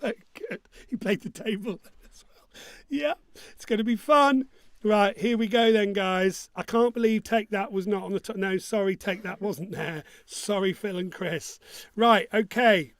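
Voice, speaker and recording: A man's voice: high voice, unhurried, a bit bright, no echo. A man hosting an online pub quiz, joking along and humming his own jingles. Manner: jokey and upbeat, hums his own jingles.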